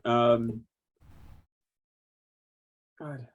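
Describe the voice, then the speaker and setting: A man playing a tabletop game, talking hesitantly with many pauses and fillers. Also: medium pitch, steady tone, highs cut off, slight background noise. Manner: hesitant, lots of ums. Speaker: player.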